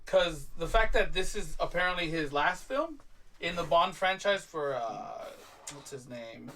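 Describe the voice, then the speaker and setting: A man's voice: on the high side, animated, measured pace, a bit bright, recorded from a distance, a little hiss or hum, low-quality recording. A man co-hosting a casual podcast, rambling and searching for words. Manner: rambling, hesitant, full of fillers. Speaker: podcast co-host. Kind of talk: casual chat.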